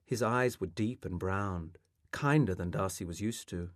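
A male author reading a passage of his literary novel aloud in a measured, expressive way, close to the microphone. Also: deep voice, no room sound.

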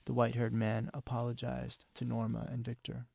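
A man reads his own literary fiction aloud with a measured, somber delivery. His voice is low, gravelly and almost monotone, recorded dry and close. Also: dry recording. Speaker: author reading his novel. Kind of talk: literary reading.

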